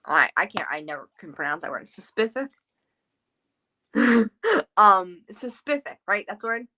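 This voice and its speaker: Book club host, woman, bright lowish voice, casual rambling chat with fillers. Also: lively intonation, moderate pace. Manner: chatty, many filler words and restarts.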